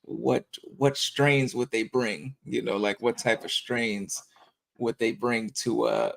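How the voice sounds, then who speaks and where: A man's voice: medium pitch, takes it slowly, gravelly, a bit bright. A man co-hosting a casual podcast chat, musing in a rambling way with many restarts. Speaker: podcast co-host.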